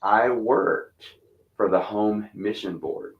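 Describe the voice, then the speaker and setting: A pastor in his fifties talks in a relaxed, rambling way, with a light twang. His voice sits low and he circles back through restarts and fillers as he tells stories about church missions. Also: slow, creaky, lo-fi sound. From Texas.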